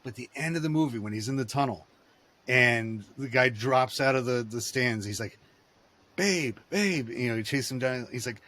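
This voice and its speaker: Man on a podcast; rambling, digressive storyteller; mid-pitched, conversational delivery. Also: steady tone, a little fast, sharp tone. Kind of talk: casual podcast chat.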